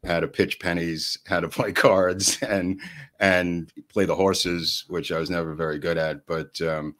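An older man, telling rambling family stories on a podcast, laughing often and jumping his voice up high when he quotes people. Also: little pitch movement, a little slow, a bit bright. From New York. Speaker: podcast co-host. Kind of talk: storytelling in casual chat.

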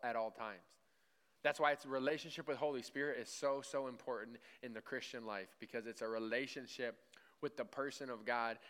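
A man's voice: mid-range voice, fairly bright tone, clear, resonant tone. A male pastor preaching a sermon in a church, in a conversational way, with frequent "right?" asides and short acted-out bits of imagined dialogue. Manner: acts out imagined dialogue with God.

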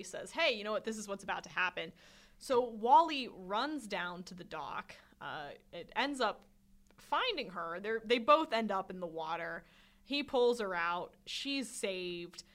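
A woman's voice: mid-range voice, pushed and bright. A woman co-hosting a podcast, chatting casually about a film and laughing often as she retells its scenes. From Swedish. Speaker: podcast co-host.

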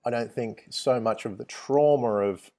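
A man talks in a relaxed, reflective way, thinking aloud with frequent hesitations. His voice sits at a medium pitch. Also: measured pace. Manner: reflective, hesitant, uses many fillers. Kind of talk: casual conversation.

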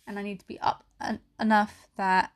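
A young woman talks through her own solo podcast in a loose, rambling way. Her voice sits at an everyday middle pitch, packed with fillers and casual swearing. At times it gets emotional and close to tears. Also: flat delivery, moderate pace. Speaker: podcast host. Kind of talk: candid solo podcast monologue.

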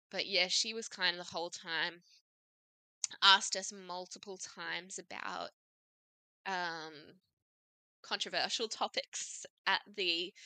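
A woman's voice: mid-range voice, pushed and bright, no room sound. A young woman in her twenties, a podcast guest telling her story in a chatty way, full of "like" and quoted asides. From Australia. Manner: chatty, frequent "like" and "I was like" quotes. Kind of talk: casual storytelling.

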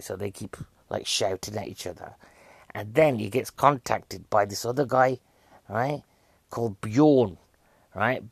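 A man's voice: mid-range voice, gravelly, no echo. A man giving a casual, jokey, rambling film review, a bit out of breath.

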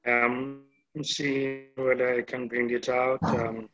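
A man, a pastor in an online meeting, speaking haltingly. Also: medium pitch, little pitch movement, fairly bright tone, lo-fi sound, faint music behind. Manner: hesitant, halting.

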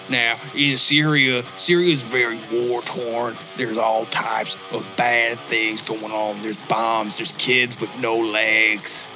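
A man voicing a gruff, rambling male biker who pitches a charity in a comedy ad parody. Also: lightly acted. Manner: rambling, folksy, slow.

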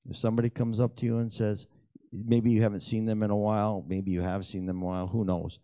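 A middle-aged man telling prayer stories in a lively, animated way, acting out the dialogue. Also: fast talker, clean tone, no echo, clean studio sound. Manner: animated storyteller who acts out dialogue with big pitch jumps. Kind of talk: storytelling testimony talk.

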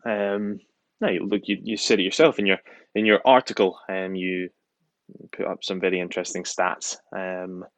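A man with a very deep voice co-hosts a casual football chat. He hesitates often, filling gaps with ums and repeats. His voice sounds dry and close to the mic. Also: flat delivery, moderate pace, dry recording. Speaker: podcast co-host.

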